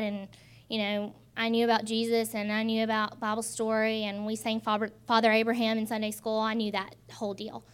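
Woman, twenties, faith testimony, earnest, halting, fairly high voice. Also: clean tone. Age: 20s. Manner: earnest, halting with many ums. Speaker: testimony speaker.

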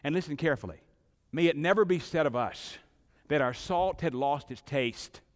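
A middle-aged man preaching a sermon as pastor, emphatic, with dramatic pauses and swelling intensity, in a church sanctuary. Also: fairly high pitch. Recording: long hall reverb.

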